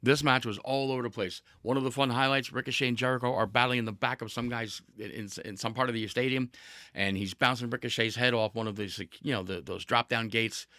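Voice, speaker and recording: A man's voice: medium pitch, steady tone, brisk, sharp tone, no echo, studio quality. A man hosting a casual podcast, telling a story with energy, with laughs and restarts along the way. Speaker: podcast host.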